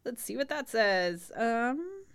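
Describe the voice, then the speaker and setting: A woman's voice: fairly high pitch, sing-song, slow, vocal fry, fairly bright tone, clean tone. A young woman co-hosting a casual podcast, reading word definitions aloud with fillers, stumbles and frequent laughs. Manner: giggly, loose, reads out definitions with stumbles and fillers. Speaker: podcast co-host.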